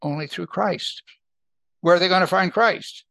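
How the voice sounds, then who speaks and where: In a close, dry recording with no echo, an older man guides a Bible study at a moderate pace. He chats casually, asks his audience to agree, and checks they're keeping up; his voice is gravelly, bright, and slightly higher than average for a man.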